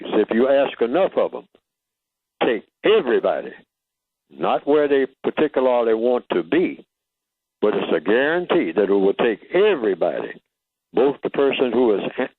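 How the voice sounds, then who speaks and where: A man's voice: medium pitch, husky, no room sound. An older man speaking as a guest on a radio talk show, teaching emphatically and asking rhetorical questions. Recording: tinny phone line, dry.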